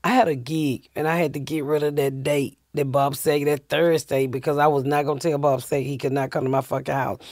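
A woman's voice: sits low, a little fast, hardly any pauses, dry recording. Profane storytelling woman, dry sound. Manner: profane, lively storyteller acting out quotes. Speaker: podcast guest. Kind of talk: casual storytelling.

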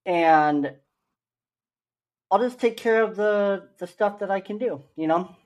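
Speaking slowly in a high voice, a young adult co-host banters cheerfully on a casual podcast, joking about himself. When the ad reads come up, he pitches them in a salesy style.

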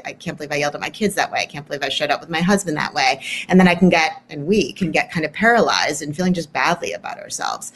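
Woman psychologist guest, low-pitched, calm and explanatory, faint background hiss. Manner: measured, gentle, explanatory; repeats phrases for emphasis. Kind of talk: podcast interview.

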